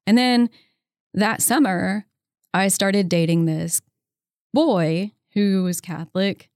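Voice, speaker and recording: A woman in her fifties, an interview guest telling her story in a casual, animated way, often slipping into the voices of the people she quotes. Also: mid-range voice, slow pace, dry recording, studio quality. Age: 50s. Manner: chatty, with frequent "um" and "you know".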